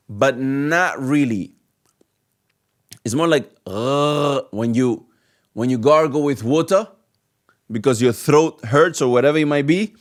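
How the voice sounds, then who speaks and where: A man teaching a beginner lesson, drawing out and repeating each letter sound slowly for learners. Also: fairly high pitch. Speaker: Arabic teacher. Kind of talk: slow step-by-step language lesson.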